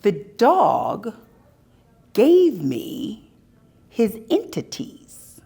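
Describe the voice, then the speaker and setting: Unhurried, animated woman speaker. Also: a little high, gravelly, slightly rough. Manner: animated storytelling, acting out scenes. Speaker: spiritual workshop speaker. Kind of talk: live talk to an audience. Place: expo hall.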